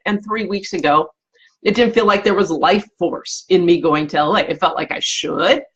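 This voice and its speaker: A woman's voice: on the low side, normal speed, a bit bright, husky, lo-fi sound. A woman talking earnestly to listeners, reflecting on a personal choice and often restarting and repeating her words. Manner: earnest and searching, with frequent self-corrections and repetitions. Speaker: life coach and podcast host.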